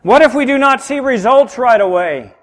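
A man preaching a sermon as pastor. He swings between loud, emphatic lines and hushed ones. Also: very high voice, animated, moderate pace. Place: church sanctuary. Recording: reverberant hall.

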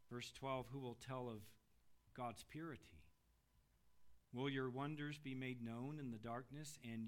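A middle-aged man preaching an expository sermon, dramatic, moving between loud pleading passages and hushed, low readings.

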